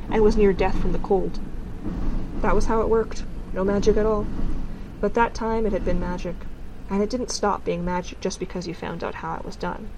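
A woman narrating a storybook in a calm, gently wry telling. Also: medium pitch, background noise. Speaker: audiobook narrator.

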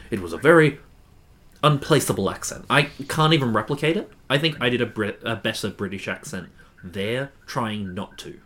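A man's voice: medium pitch, moderate pace, fairly bright tone. A man co-hosting a podcast, chatting casually and dropping wry, joking asides. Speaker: podcast co-host. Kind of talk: casual chat.

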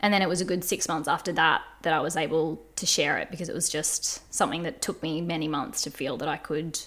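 A woman's voice: deep voice, fairly even intonation, quick pace, fairly bright tone. A woman guest on a podcast, telling a personal story in an earnest, reflective way. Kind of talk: candid conversational storytelling.

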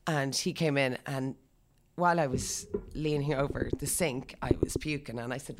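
A woman in her thirties, a guest chatting casually and telling lively stories full of acted-out quotes. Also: rumbling low, moderate pace, noisy background. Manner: lively storyteller, acts out quotes. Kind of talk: casual chat.

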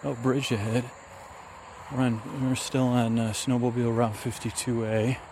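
Man, casual walking narration, slow rambling talk, faint outdoor traffic behind. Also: medium pitch, little pitch movement. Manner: musing, rambling, with fillers. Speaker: vlogger. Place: outdoors on a wooded trail near a road. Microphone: handheld recorder with fuzzy windscreen.

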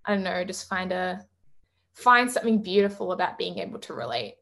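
A young woman who sings in a band, chatting casually in an interview and filling her talk with "like" and quick laughs. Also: fairly low pitch, big pitch swings, creaky, a bit bright. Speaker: singer in a band, interview guest.

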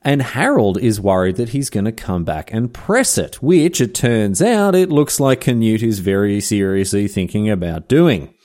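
A man's voice: lowish voice, expressive, normal speed, hardly any pauses, darkish tone. A man, hosting a podcast and telling history in a chatty, irreverent way full of slang asides. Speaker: podcast host. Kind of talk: casual history storytelling.

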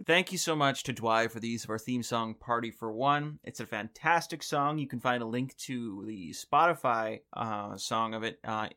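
A man with a bright, forceful tone co-hosting a podcast in casual chat. He is easygoing and laughs often, and he wraps up the episode. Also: mid-range voice. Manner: easygoing, laughs often, reads the show's outro. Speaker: podcast co-host.

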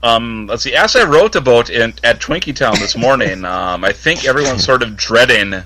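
A man's voice: medium pitch, expressive, normal speed, pushed and bright, low-quality recording. A man co-hosting a casual sports podcast from his home studio, rambling and joking as he gives score updates. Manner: joking, rambling, laughs often. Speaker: podcast co-host.

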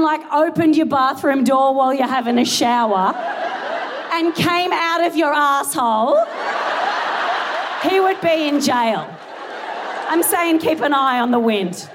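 A young Australian woman with an Australian accent doing live stand-up comedy on a big theatre stage, excitable and giggly, poking fun at herself. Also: sits high. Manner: excitable, giggly and self-deprecating. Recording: live theatre recording with crowd noise. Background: audience laughing and cheering.

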